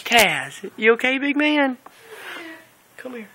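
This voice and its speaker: A woman's voice: fairly high pitch, big pitch swings, takes it slowly, a crowd in the background. A woman filming on a handheld camera at home, giggling through her words and cooing at her cats. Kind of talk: casual home video chat. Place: home room indoors. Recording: home video with clear background noise.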